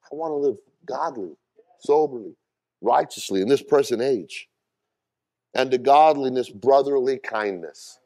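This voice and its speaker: Emphatic man preaching a sermon. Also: measured pace. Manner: emphatic preaching with sudden loud high bursts and quieter asides; repeats words and calls out questions to the congregation. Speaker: pastor.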